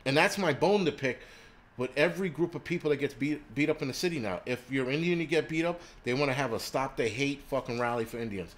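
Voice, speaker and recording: A man fires off a fast, medium-pitched livestream rant for his prepping channel, crude and combative, with swearing throughout. He's indoors somewhere in a city.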